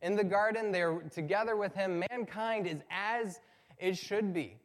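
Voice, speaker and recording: A man's voice: high-pitched, measured pace. A male pastor preaching a sermon, telling a story conversationally and building to emphatic points. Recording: long reverb from a large hall.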